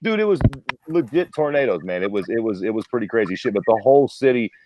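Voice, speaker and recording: A man in his thirties chats on a podcast, swearing freely as he spins a story. He slips into voices to act out the people he quotes. His voice sits at an ordinary pitch and is recorded close and dry. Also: animated, quick pace, no echo, lo-fi sound. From Ohio, USA. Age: 30s. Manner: profane, storytelling, acts out quotes. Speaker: podcast co-host. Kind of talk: casual chat.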